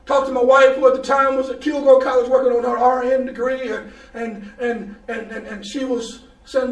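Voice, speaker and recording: High-voiced preacher shouting in echoey church. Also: male voice, flat delivery, fairly quick, few pauses. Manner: storytelling, builds to shouted call-and-response preaching. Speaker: pastor. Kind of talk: sermon. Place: church sanctuary. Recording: echoey church, mic at a distance. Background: congregation answering aloud.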